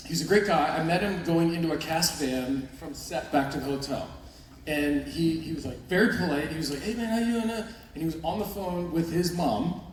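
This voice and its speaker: A man telling lively anecdotes on a convention panel and acting out the other voices in his stories. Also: fairly high pitch, moderate pace. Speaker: panel guest actor. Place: large convention hall with an audience. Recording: echoey hall recording from far off with crowd noise.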